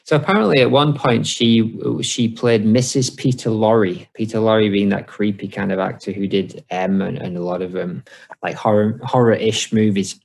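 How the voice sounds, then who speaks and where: A man's voice: fairly low pitch, fairly even intonation, moderate pace, gravelly, darkish tone. A man co-hosting a casual podcast, trading dry banter and reading out mock sponsor spots. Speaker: podcast co-host.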